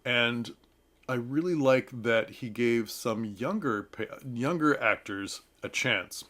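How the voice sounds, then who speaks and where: A man's voice: mid-range voice, takes it slowly, a bit bright. A man reviewing a play in a casual talk, chatty and advice-giving, laughing often and slipping into playful mock voices. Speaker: theater reviewer. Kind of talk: casual talking-head commentary.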